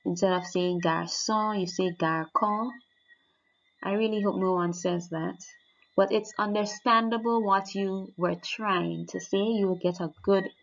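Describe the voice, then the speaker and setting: A woman's voice: on the low side, vocal fry. A woman teaching, walking students step by step through a French oral exam mark scheme and repeating the key points. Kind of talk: exam guide lesson. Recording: dull lo-fi sound.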